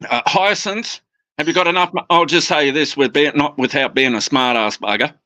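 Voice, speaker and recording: A man's voice: on the high side, normal speed, sharp tone, no room sound. A man chatting as a guest about his parrots, rambling with restarts and mimicking his birds' phrases, talking into a phone. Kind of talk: casual chat.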